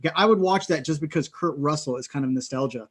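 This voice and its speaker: A man co-hosting a casual podcast, joking and teasing in drawn-out asides. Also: fairly high pitch. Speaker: co-host.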